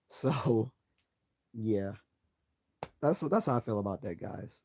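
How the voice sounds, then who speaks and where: Male livestream host, hoarse, low and mellow-toned, blunt and sarcastic. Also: lively intonation, slow, pauses often. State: hoarse, losing his voice. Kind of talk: opinionated late-night livestream commentary.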